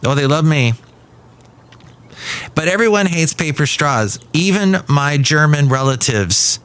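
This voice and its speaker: A man's voice: a little high, expressive, measured pace, fairly bright tone, clean tone. A man hosting a comic one-man podcast, rambling playfully with jokey asides. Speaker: podcast host.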